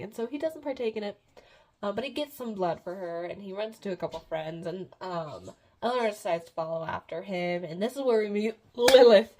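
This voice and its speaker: A woman's voice: medium pitch, darkish tone. A woman recapping a book in a casual, rambling way, with many fillers and giggles. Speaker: book reviewer.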